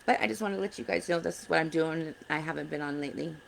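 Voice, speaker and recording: A woman's voice: low voice, fast talker, creaky, slight background noise, rough recording. A woman in her thirties giving earnest, blunt advice to other parents in a casual vlog, sounding frustrated. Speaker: parent advocate vlogger. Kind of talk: casual direct-to-camera advice.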